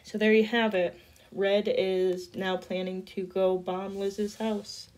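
Woman reading a chapter book out loud, steady, mid pitch. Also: takes it slowly. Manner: steady storytelling narration. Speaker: reader. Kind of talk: reading a novel aloud.

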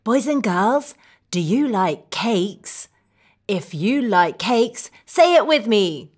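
A woman's voice: a little high, very animated, extremely slow, pauses often, breathy edge. A woman teaching children English in a scripted cartoon lesson, talking in an exaggerated sing-song way that coaxes kids to repeat phrases.

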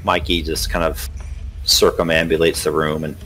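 A man describes his character's actions in a tabletop game, casual and hesitant. His voice is very low. Faint music plays under him. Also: level tone, moderate pace, pushed and bright. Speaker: player.

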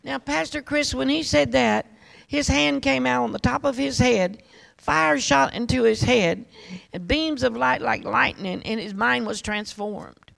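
A woman's voice: fairly high pitch, unhurried, rough recording. An older woman preaching a fervent sermon, calling her listeners honey and baby doll. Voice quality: gravelly.

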